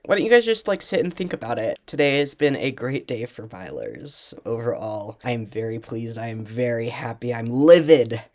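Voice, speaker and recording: A fan vlogger at home giving a passionate, swear-heavy analysis, often bursting into loud excited rants. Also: medium pitch, normal speed, hardly any pauses.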